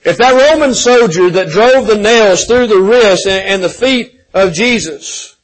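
A man preaching a sermon, swinging from loud pleading questions to hushed, gentle passages, calling listeners friends and repeating words as he builds. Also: high voice, animated, unhurried, low-quality recording. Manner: impassioned, rising and falling between loud pleading and hushed softness.

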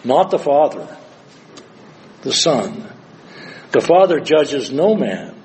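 An older man preaching a sermon, moving between hushed, slow passages and loud, dramatic cries. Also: mid-range voice, sing-song, a little hiss or hum.

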